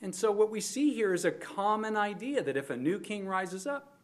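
A man's voice: high-pitched, animated, normal speed. A man preaching an expository sermon, explaining a Bible passage verse by verse and leaning hard on emphasis, at times speaking straight to the children listening. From United States. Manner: expository, emphatic on scripture, addresses kids directly. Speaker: pastor.

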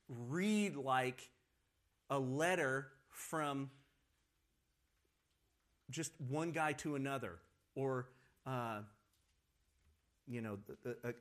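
A man teaching a Bible study lesson in a conversational, animated way, often correcting himself as he goes. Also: mid-range voice.

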